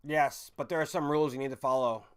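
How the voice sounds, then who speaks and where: A man's voice: mid-range voice, fairly even intonation, quick pace, smooth. A man chats loosely to a live audience, circling back and correcting himself as he goes. His talk is off-the-cuff and peppered with swearing, in a mid-range voice. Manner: rambling, swearing, self-correcting. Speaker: livestream host chatting with viewers. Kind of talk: casual live-chat rambling.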